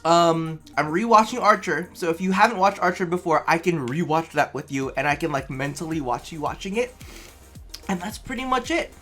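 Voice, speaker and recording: A man's voice: a little high, moderate pace, a bit bright, faint music behind. A man vlogging casually to camera from his apartment, a little tipsy, rambling, chatty and swearing freely. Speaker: vlogger host.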